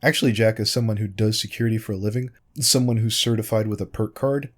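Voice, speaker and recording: A man's voice: fairly low pitch, fairly even intonation, quick pace. A man in a commentary video, sarcastic and pointed, arguing directly at the person he answers. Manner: sarcastic, pointed, repeatedly addressing his target by name. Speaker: YouTube commentator responding to a critic.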